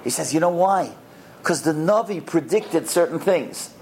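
A man teaching a lesson to boys and adults, telling stories with lively acted-out quotes and asking the listeners questions. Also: fairly high pitch, unhurried, slight background noise. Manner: lively, acts out the quoted characters, quizzes the listeners. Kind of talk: animated storytelling lesson with questions to the audience.

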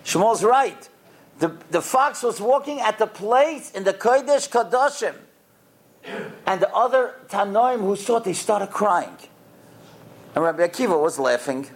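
A man teaching a lesson to boys and adults, telling stories with lively acted-out quotes and asking the listeners questions. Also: high voice, a little slow, pauses often. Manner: lively, acts out the quoted characters, quizzes the listeners. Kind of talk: animated storytelling lesson with questions to the audience.

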